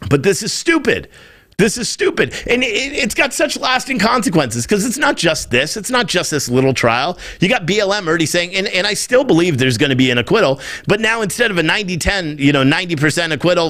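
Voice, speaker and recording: A man's voice: high voice, a bit bright. A man hosting a podcast, ranting in heated, profane political commentary, openly irritated. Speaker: podcast host.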